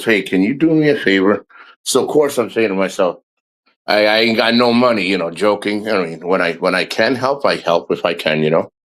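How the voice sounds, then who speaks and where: A middle-aged man with a somewhat low voice talks straight to his viewers in a relaxed vlog. He rambles, circles back, and repeats himself as he retells a family conversation. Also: rough recording. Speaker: vlogger. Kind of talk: casual vlog chat.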